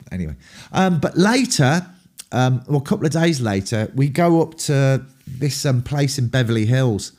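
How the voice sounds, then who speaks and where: A mellow, warm-toned man with an English accent tells candid anecdotes from his rock-and-roll days. He rambles, swears freely and fills his pauses with ums. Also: mid-range voice, animated. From England. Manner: rambling, profane, full of ums. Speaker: rock band frontman.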